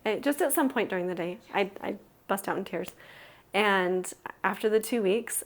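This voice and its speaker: A woman's voice: mid-range voice, normal speed. A woman guest in a casual podcast chat, talking expressively and laughing easily.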